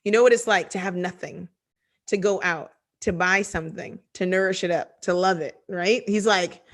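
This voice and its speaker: Her voice fairly low and her pace moderate, a woman teaches scripture in an easygoing Bible study, reading verses aloud and following them with energetic, chatty commentary.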